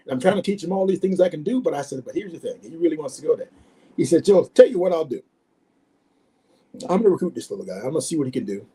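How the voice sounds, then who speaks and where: Animated older man telling stories. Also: fairly high pitch, fast talker, husky, low-quality recording. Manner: animated storyteller, acts out quoted voices. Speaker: former football player, guest. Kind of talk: storytelling interview.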